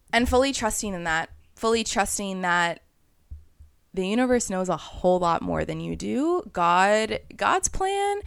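A young woman hosts a spiritual podcast in an earnest, conversational monologue, now and then acting out voices in her head. Her voice sits a little low, with a gravelly fry under a smooth, resonant tone. The sound is dry and close. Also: no room sound. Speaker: podcast host.

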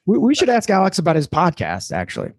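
Lively-voiced teasing male co-host. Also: high voice, fast talker, vocal fry, husky, no room sound, studio quality. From New York City. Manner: brief interjections and teasing questions. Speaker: podcast co-host. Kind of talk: casual chat.

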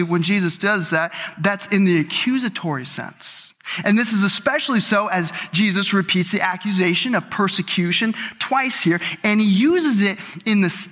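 High-voiced slow preacher in echoing hall. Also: male voice, fairly bright tone. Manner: emphatic, repeats key words for weight. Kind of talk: sermon.

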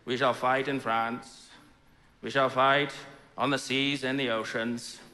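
A man's voice: medium pitch, flat delivery, takes it slowly, bright, forceful tone, long reverb tail, pitched below the performer's own voice. A man doing a grave wartime orator. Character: wartime leader giving a rallying speech.

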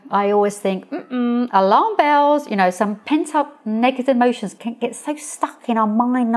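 A woman hosting her own podcast as a coach, talking straight to listeners with expressive, playful storytelling. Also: mid-range voice. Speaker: podcast host, coach and hypnotherapist. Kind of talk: solo podcast monologue.

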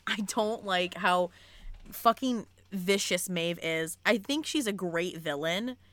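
A young woman co-hosting a podcast, chatting casually and excitably about books and swearing freely. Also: fairly low pitch, slow pace. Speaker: podcast co-host. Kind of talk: casual book chat.

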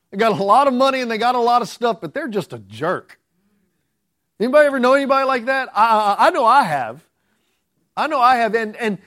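High-voiced man preaching a sermon. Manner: conversational preaching with repeated restarts; rising to emphatic outbursts. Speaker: pastor.

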